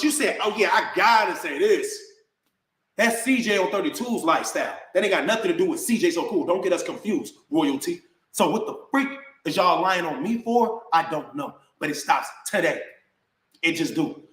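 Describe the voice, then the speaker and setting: A man's voice: high voice, fairly bright tone. A man in a heated, confrontational rant to camera, answering his critics in slangy talk and calling people "bro" again and again. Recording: echoey room.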